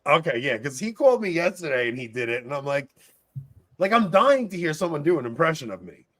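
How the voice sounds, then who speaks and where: A man's voice: a little high, very animated, brisk, a bit bright, dry recording. A man from Long Island with a New York accent, hosting a casual podcast chat, laughing often and restarting his sentences. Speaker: podcast host.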